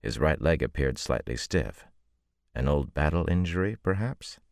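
A man reading a novel aloud as a measured audiobook narrator. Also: expressive, vocal fry, darkish tone, no room sound, clean studio sound. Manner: measured, deep-voiced reading with voiced characters. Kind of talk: scripted narration.

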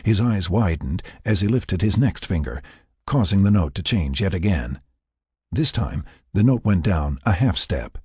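Husky deep-voiced male narrator. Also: no room sound, studio quality. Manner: expressive storytelling reader. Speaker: audiobook narrator. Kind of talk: scripted narration.

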